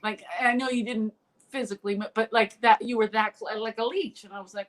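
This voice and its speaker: A woman's voice: on the high side, brisk, rough recording. Blunt Philly comedian woman, middle-aged. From South Philadelphia. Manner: blunt, animated, acts out quotes. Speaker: comedian guest. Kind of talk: casual podcast chat, storytelling.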